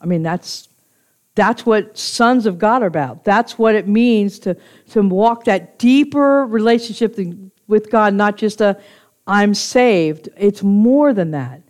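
A woman's voice: medium pitch, takes it slowly, a little mellow. Chatty woman teaching a Bible study. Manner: chatty and confessional, with frequent restarts and self-corrections; laughs easily, jokes with listeners. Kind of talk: informal Bible teaching to a small group.

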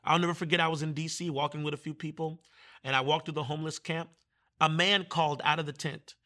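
Bright-voiced man telling a testimony. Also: on the high side, fast talker. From Virginia, US. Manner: animated, acts out quoted voices. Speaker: guest minister. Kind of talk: testimony storytelling in conversation.

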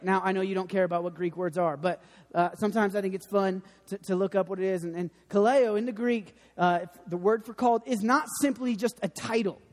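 A young man preaching a sermon, telling lively stories with a self-deprecating humor. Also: high voice. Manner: animated storytelling, self-deprecating. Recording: long hall reverb.

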